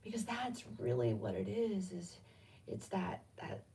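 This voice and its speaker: A middle-aged woman hosting a casual card-reading chat, rambling spontaneously with sudden animated bursts. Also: on the low side, unhurried, distant mic, slight background noise. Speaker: spiritual card reader and host.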